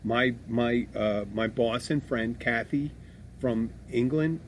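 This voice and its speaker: A man's voice: mid-range voice, slow, slight background noise. A man from Philadelphia hosting a casual podcast chat, blunt and abrasive, swearing freely and restarting his sentences as he rambles. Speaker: podcast host.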